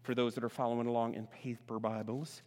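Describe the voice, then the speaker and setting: A man preaching a sermon as a pastor, speaking emphatically and swinging between loud passages and hushed ones. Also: medium pitch, little pitch movement, fast. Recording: long reverb of a large hall.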